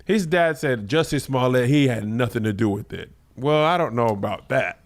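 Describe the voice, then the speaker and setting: Animated man co-hosting a casual podcast. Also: mid-range voice, moderate pace. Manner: animated, joking, talks over his co-host. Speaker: podcast co-host. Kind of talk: casual chat.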